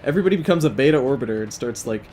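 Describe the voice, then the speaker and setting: A man's voice: medium pitch, expressive, very fast, darkish tone, a little hiss or hum. A young man hosting a gameplay video, casually telling a long rambling story with plenty of swearing. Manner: profane, rambling, chatty. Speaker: let's play host.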